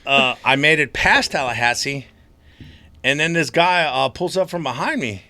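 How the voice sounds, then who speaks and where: A man from Florida, a podcast guest telling animated stories in casual chat and acting out the voices of people he met. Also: on the high side, normal speed, dry recording. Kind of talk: casual storytelling.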